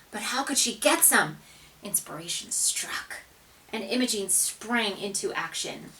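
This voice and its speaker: A woman reads a children's picture book aloud in a dramatic, expressive way, dropping to hushed asides. Her delivery is slow and unhurried, with a bright, fairly high voice. She sounds somewhat distant from the microphone. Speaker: storybook reader.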